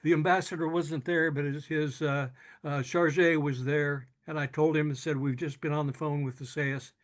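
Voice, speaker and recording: An older man telling a personal story in an earnest, halting way, with frequent restarts, sometimes moved. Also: on the high side, flat delivery. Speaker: speaker telling his own story.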